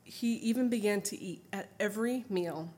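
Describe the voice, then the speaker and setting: A woman's voice: mid-range voice, normal speed, darkish tone. A middle-aged woman sharing her family's story as a mother, reading from her account and then telling an anecdote off-script in an earnest, emotional way.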